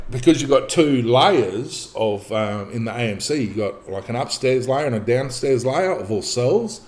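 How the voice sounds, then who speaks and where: A man in casual spoken storytelling, profane and animated, acting out the dialogue as he tells it. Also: mid-range voice. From Australia. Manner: profane, animated, acts out dialogue in his telling. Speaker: podcast guest telling a personal story.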